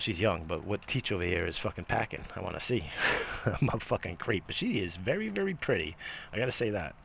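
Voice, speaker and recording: Casting: middle-aged man, gravelly low voice, bright edge, loose profane vlog ramble with frequent coughs. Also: a little hiss or hum. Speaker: vlogger. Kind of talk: casual rambling monologue.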